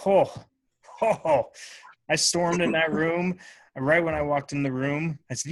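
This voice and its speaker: A podcast host, a man, tells family stories in loose, profanity-filled chat. His voice sits at an ordinary pitch. It sounds dry and close, with no room echo. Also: normal speed, pauses often. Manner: profane, animated storytelling. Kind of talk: casual chat.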